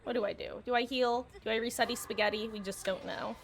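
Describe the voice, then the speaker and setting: A woman's voice: a little high, fast, gravelly. A woman streaming herself playing a game, with playful, goofy commentary and frequent laughter. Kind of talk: livestream gameplay commentary.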